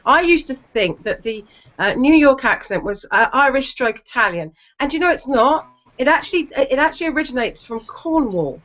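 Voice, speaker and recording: Woman, British accent, teasing and giggly, high-pitched, muffled audio. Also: expressive, a bit bright. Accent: British English. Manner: teasing, giggly, quick to push back. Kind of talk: casual group chat on a livestream.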